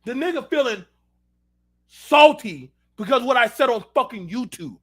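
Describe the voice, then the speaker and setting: A man's voice: very high-pitched, animated, normal speed. A man hosting an unfiltered talk show, telling heated, profanity-laced stories and speaking directly to his listeners. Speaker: show host. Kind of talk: unfiltered casual rant.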